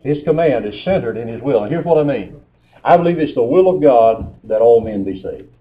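A man preaches a sermon with a folksy storytelling manner, quoting scripture as he goes. His voice sits at an ordinary middle pitch. The recording is thin and tinny, like a phone line. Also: animated, a little fast.

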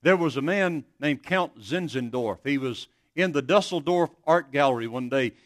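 An earnest male preacher delivering a sermon, speaking at a middle pitch. He tells stories in a halting way, often restarting his phrases. The sound is dry and close. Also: lively intonation, dry recording. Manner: earnest, storytelling with many restarts.

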